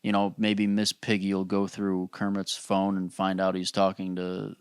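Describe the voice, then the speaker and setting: A man's voice: low-pitched, completely flat delivery, moderate pace, smooth, no echo, studio quality. A man hosting a podcast, ranting casually in a rambling, profane way full of "dude" and "bro". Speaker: podcast host. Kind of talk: casual solo rant.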